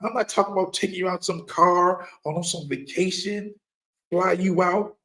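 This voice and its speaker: A man's voice: high-pitched, steady tone, moderate pace, fairly bright tone. A middle-aged man giving an impassioned, preaching monologue as a firearms trainer, repeating key lines for emphasis and firing rhetorical questions at his listeners.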